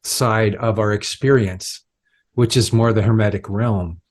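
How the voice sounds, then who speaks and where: A man co-hosting a podcast, talking through ideas in a reflective, halting way with many restarts. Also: lowish voice, fairly even intonation. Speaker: podcast co-host. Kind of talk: casual philosophical conversation.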